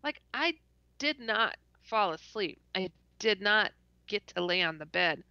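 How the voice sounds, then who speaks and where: A woman's voice: medium pitch, lively intonation, unhurried, bright, forceful tone, smooth, no room sound. A woman guest telling a story animatedly. She laughs often, stutters and acts out her own reactions, heard through dull lo-fi call audio. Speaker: podcast guest. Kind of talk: casual storytelling in an interview.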